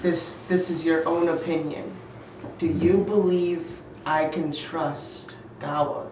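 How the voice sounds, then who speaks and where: A man playing a tabletop game, speaking haltingly and repeating words. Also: a little high, steady tone. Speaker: player. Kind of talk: casual tabletop play. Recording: echoey room, distant mic, noise.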